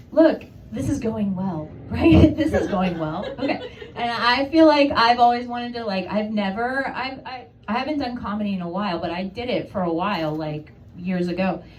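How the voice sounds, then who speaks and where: A woman's voice: mid-range voice, moderate pace, a little mellow. A woman performing a stand-up comedy set, telling stories in a conversational, self-deprecating way. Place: comedy club stage. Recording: noisy club room from a distance. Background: audience laughter.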